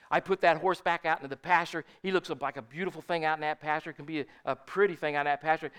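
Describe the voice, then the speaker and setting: A man's voice: fairly high pitch, sharp tone, clear, resonant tone. An older man preaching a sermon in a folksy, storytelling way, often asking his congregation "Amen?". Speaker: pastor.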